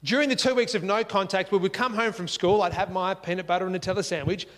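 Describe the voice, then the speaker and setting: An Australian man shares his life story, speaking lively and conversationally while acting out the dialogue, seated at a dining table at home. His voice is high-pitched and fast, and it sounds like he's in a large hall.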